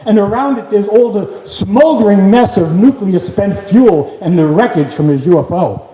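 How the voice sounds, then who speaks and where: A man's voice: sits high, normal speed. Theatrical guy telling a story on stage, voice all over the place, echoey hall. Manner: animated, theatrical. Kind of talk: live storytelling. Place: stage at a live story event.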